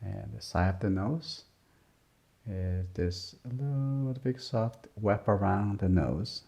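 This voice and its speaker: Soft-spoken low gravelly male art teacher. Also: lively intonation, slow pace. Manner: soft-spoken, murmuring, simple broken phrasing. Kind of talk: drawing lesson narration while working. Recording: dull lo-fi sound.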